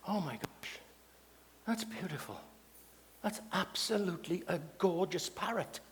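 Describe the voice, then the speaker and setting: A man voicing an eager middle-aged woman shopping for a parrot, speaking in a hushed tone. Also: high-pitched, big pitch swings, brisk, a little hiss or hum, voice pushed up. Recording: long hall reverb.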